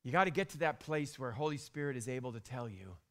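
A middle-aged man preaching a sermon, animated, dropping to hushed whispers and rising to loud bursts. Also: medium pitch, fast talker. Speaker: pastor.

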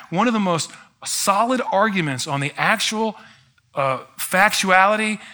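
A man's voice: high voice, bright, forceful tone. A male pastor delivering a sermon in a conversational style, with rhetorical asides and emphatic build-ups.

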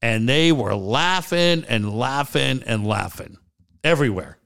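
A man's voice: medium pitch, lively intonation, measured pace, creaky, fairly bright tone. Profane, mocking man on sports talk. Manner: profane, mocking storyteller who mimics people. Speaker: sports radio co-host.

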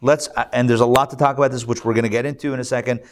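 A man's voice: mid-range voice, flat delivery, racing. A man teaching a live scripture class as a rabbi, speaking conversationally with fillers and restarts.

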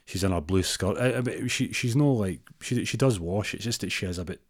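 A man's voice: fairly low pitch, fairly quick, dry recording, clean studio sound. A man improvising a comic story, rambling and repeating words with many fillers.

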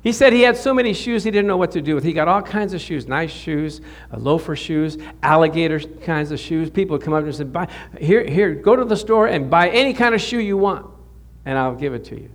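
High-voiced man preaching a story sermon. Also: fairly quick. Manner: storytelling, animated, rises sharply when quoting prayers; laughs often, repeats and restarts words. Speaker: pastor.

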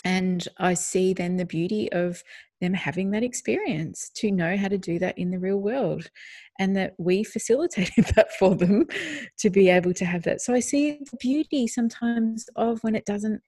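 A woman's voice: mid-range voice, moderate pace, dark tone, dry recording, studio quality. A woman hosting a podcast in casual chat, earnest and reflective, laughing easily. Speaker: podcast host.

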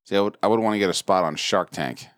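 A man chatting casually on a comedy podcast, riffing crudely and bursting into loud mock rants. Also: deep voice, quick pace, smooth, dry recording, studio quality, soft background music.

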